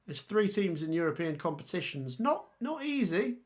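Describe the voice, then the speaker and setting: A man's voice: sits high, very animated, normal speed. Chatty man reading out football fixtures. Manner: chatty, thinks aloud, reads out viewer comments. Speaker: football channel host. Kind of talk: casual live-stream chat.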